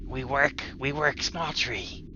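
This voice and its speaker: A man's voice: steady tone, slow, muffled recording, noisy background, natural voice. A man voicing a timid male goblin who speaks in broken, whispery sentences. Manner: broken grammar, high and whispery.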